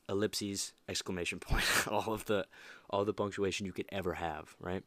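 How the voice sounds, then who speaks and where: Young man, very low voice, dry close sound, rambling motivational talk. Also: normal speed, pushed and bright, dry recording. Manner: emphatic, rambling with many restarts and fillers. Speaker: podcast host. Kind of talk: casual motivational monologue.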